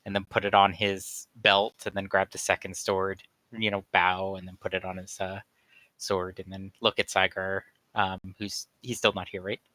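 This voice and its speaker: A man's voice: sits low, little pitch movement, normal speed, sharp tone, rough recording. A man playing a tabletop game on a call, describing his character's moves hesitantly with many fillers. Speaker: player.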